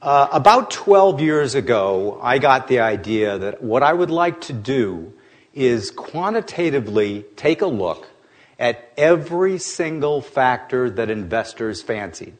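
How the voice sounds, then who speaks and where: A man giving an anecdotal talk on investing, animated and joking in a conversational way. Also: mid-range voice, measured pace. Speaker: investment speaker.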